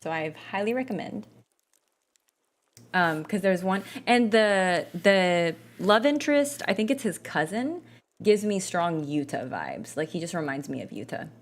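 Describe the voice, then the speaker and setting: A woman's voice: on the low side, expressive, a little slow. A woman gaming vlogger chatting casually and rambling, with lots of fillers and restarts. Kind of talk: casual chat while gaming.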